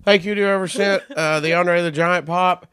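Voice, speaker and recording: A man hosting a casual show, thanking viewers for gifts in a slow, offhand way with many fillers, feeling lightheaded and queasy. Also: high-pitched, steady tone, fairly bright tone, clear, resonant tone, dry recording, clean studio sound. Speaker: host. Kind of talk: casual chat.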